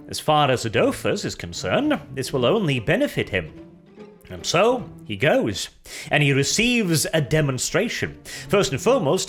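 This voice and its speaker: A man narrates a story in a relaxed, chatty way, breaking off for jokey asides. His voice sits a little high and jumps around in pitch. Soft music plays in the background. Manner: animated, jokey asides, laughs while telling. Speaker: lore storyteller.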